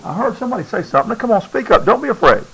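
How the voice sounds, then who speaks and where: Male teacher, slightly high-pitched, classroom lecture, chatty and coaxing. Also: big pitch swings, rapid-fire, creaky, a bit bright, husky, dull audio. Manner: checks in often, coaxing students to answer. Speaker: science teacher.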